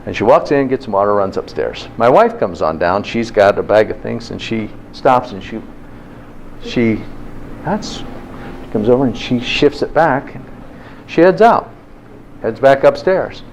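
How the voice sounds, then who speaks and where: In a rough recording with slight background noise, a man with a mid-range, somewhat slow and creaky voice leads a motivational health talk. He spins lively stories and keeps throwing rhetorical questions at the audience.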